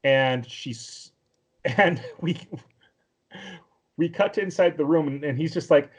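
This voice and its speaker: Man, podcast co-host, casual recap, rambling, middling pitch. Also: normal speed, a little mellow. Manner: rambling, with many fillers and restarts. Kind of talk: casual chat recapping an anime episode.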